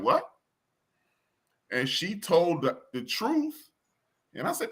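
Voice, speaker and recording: Man, Chicago accent, podcast co-host, blunt slangy storyteller, lively pitch, bright tone. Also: normal speed, slightly rough. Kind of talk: casual chat, storytelling.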